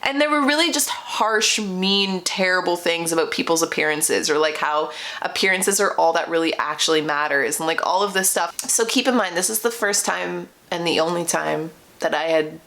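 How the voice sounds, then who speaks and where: A young adult woman telling a personal dating story to her viewers. Her talk is casual and animated, full of fillers and quick self-corrections. She sounds like she is chatting with a friend. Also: on the low side. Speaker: vlogger.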